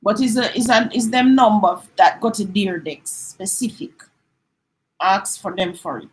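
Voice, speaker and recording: A woman's voice: mid-range voice, unhurried, low-quality recording. A middle-aged Jamaican woman chatting on a live stream, slipping into patois and acting out little back-and-forth exchanges. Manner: chatty, mixes in patois, acts out little dialogues. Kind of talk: casual live-stream chat.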